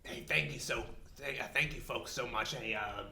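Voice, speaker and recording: Gravelly man playing a tabletop game. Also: mid-range voice, moderate pace, pushed and bright. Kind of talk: casual game chat. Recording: roomy with faint noise.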